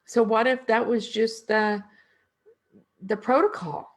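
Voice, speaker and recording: Her voice is on the high side, with fairly even intonation. She is a middle-aged energy worker giving a slow, reflective, conversational spiritual talk and asking her listeners rhetorical questions.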